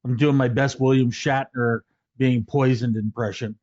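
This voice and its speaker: A man's voice: medium pitch, fairly even intonation, moderate pace, darkish tone. A man playing in a tabletop game, playful and hammy. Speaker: player. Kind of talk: casual tabletop play. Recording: slightly muffled lo-fi audio.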